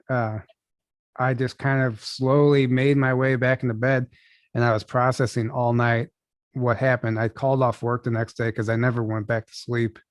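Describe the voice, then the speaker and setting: Young man, casual halting storyteller, dry close sound, guest on a video call. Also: mid-range voice, little pitch movement, dry recording. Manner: casual, halting, lots of "like" and restarts. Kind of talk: storytelling in an interview.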